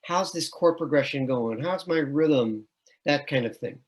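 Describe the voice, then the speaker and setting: A man's voice: a little high, measured pace. A middle-aged man, a music education professor, presenting an online admissions webinar and patiently explaining with sung and chanted examples.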